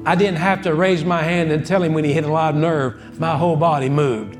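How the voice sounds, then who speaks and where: A man preaching with a high voice, telling folksy stories and doubling back on his words as he talks. Soft music sits faintly behind him. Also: fairly even intonation, moderate pace. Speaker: pastor. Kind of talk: sermon.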